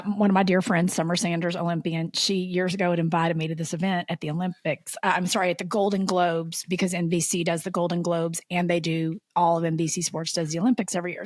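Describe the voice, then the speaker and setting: A woman, co-hosting a podcast and telling lively stories in casual chat. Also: fairly low pitch, dry recording, clean studio sound. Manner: animated storyteller, acts out voices. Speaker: podcast co-host.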